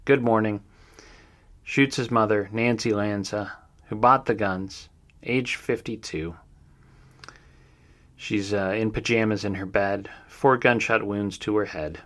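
A man's voice: fairly low pitch, fairly even intonation, slow, pauses often, a bit bright. A middle-aged man hosting a true crime recap, speaking somberly and steadily with fillers and personal asides. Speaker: podcast host.

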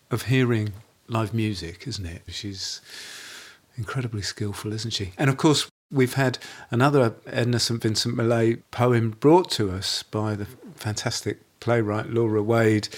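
Male podcast co-host, friendly and encouraging, casual. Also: medium pitch. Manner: friendly, encouraging, tentative questions.

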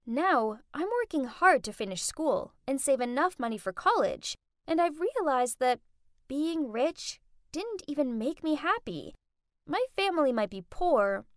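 A woman narrating a dramatic first-person tale, her high voice swinging widely with feeling. The delivery is theatrical and scripted. The sound is close and dry, with no room around it. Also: no echo. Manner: dramatic, expressive storytelling. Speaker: storyteller.

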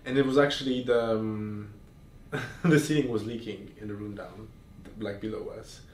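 A man's voice: on the low side, steady tone, moderate pace. A man hosting a podcast, telling explicit stories in casual chat, full of fillers and restarts. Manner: candid, explicit storytelling with frequent fillers. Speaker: podcast host. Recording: roomy sound, far from mic, faint noise.

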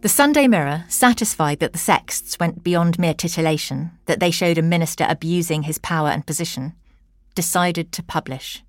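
Low-voiced woman narrating an investigation. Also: lively intonation, no room sound. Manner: measured, deliberate delivery. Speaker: podcast host and narrator. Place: interview in a hotel room.

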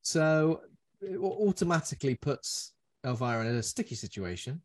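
A man's voice: on the high side, expressive, moderate pace. A man hosting a casual film review chat, rambling and joking. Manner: rambling, jokey, does silly voices. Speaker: podcast host.

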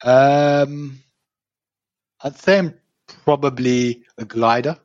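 A man's voice: mid-range voice, fairly even intonation, takes it slowly, a little mellow, no echo, lo-fi sound. A man speaking as a guest in a casual podcast chat, thoughtful and a little hesitant, often repeating words as he starts.

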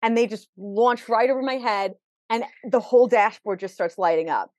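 A woman's voice: on the high side, moderate pace, darkish tone, dry recording, lo-fi sound. A woman guest on a podcast, telling a vivid personal story and acting out the people in it, often repeating words as she goes. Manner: vivid, acts out quoted people; repeats words when emotional.

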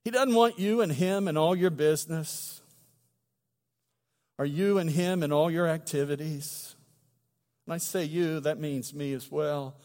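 Middle-aged male pastor, higher voice, chatty joking sermon in a church with long reverb. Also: a little slow, pauses often, a little mellow. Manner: conversational and humorous, with emphatic swells. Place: church sanctuary.

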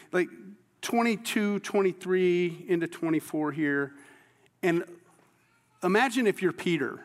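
A man's voice: on the high side, big-room sound. A man preaching a sermon as a pastor, talking in a conversational, earnest way with frequent restarts and sudden emphatic bursts.

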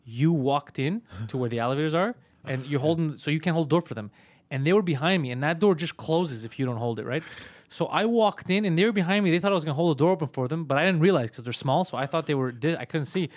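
A man's voice: a little high, expressive, fast. A man hosting a comedy podcast in casual banter, swearing constantly and ranting with rising heat.

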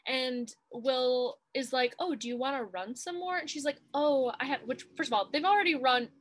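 A woman's voice: high voice, moderate pace. A woman co-hosting a podcast, chatting casually and animatedly as she recaps a TV movie and quotes its scenes in playful voices. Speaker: podcast co-host.

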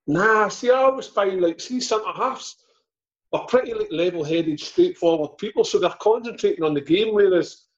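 A man's voice: sits high, moderate pace. A man co-hosting a casual podcast chat, thoughtful and rambling, full of "like". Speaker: podcast co-host, ex-footballer. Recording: slightly dull lo-fi sound.

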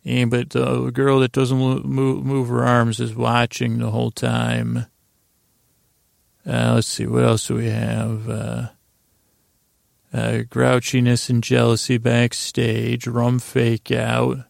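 Male podcast host, very gravelly, monotone, rambling recap style, dry booth sound. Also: mid-range voice, takes it slowly, dry recording. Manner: rambling, reads from notes with restarts. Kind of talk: casual episode recap.

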